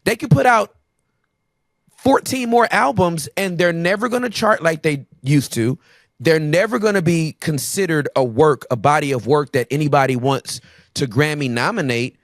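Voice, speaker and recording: A man's voice: on the high side, moderate pace, no echo, studio quality. A man guesting on a podcast, talking in a playful, emphatic way in casual conversation. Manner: playful, emphatic talker who acts out voices.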